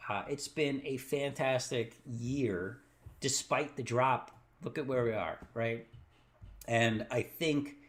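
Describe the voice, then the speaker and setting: A man hosting a trading livestream, talking casually and enthusiastically, often stumbling over his words as he rambles on. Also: mid-range voice. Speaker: host of a stock trading show.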